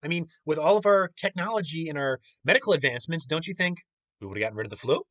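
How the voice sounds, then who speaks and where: Man, indignant sarcastic rant, bright forceful voice, dry dull lo-fi sound. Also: fairly high pitch, animated, fast talker, dry recording. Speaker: commentary channel host. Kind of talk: ranting political commentary.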